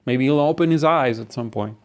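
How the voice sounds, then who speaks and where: A man voicing a calm, soft-spoken male doctor who talks in a hushed, measured, hesitant way. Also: medium pitch, smooth, lightly acted. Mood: soothing.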